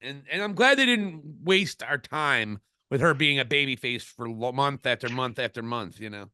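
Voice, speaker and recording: Bright, opinionated man podcasting. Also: mid-range voice, animated, normal speed, clean tone, no room sound, clean studio sound. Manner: opinionated, rambling, frequent restarts. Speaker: podcast co-host. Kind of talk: casual wrestling podcast chat.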